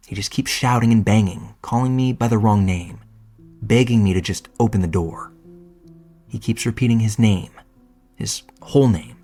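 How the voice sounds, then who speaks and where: A man's voice: fairly low pitch, moderate pace, warm tone, soft background music. A man reading a first-person horror story aloud in a casual, profane storytelling manner. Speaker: narrator. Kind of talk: scripted horror story narration.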